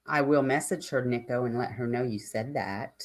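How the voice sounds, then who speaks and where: A woman's voice: very deep voice, normal speed, darkish tone. An older woman hosting a live stream, chatting casually and ramblingly with her viewers and answering their comments.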